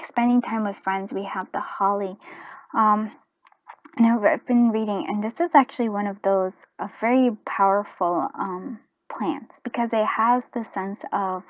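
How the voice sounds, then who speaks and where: A woman reading tarot cards in a casual chat, with a hoarse, fading voice that keeps clearing its throat, rambling with restarts and dropping into soft half-whispered asides. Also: medium pitch, dry recording. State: hoarse, voice going. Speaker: tarot reader. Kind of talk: casual pick-a-card reading.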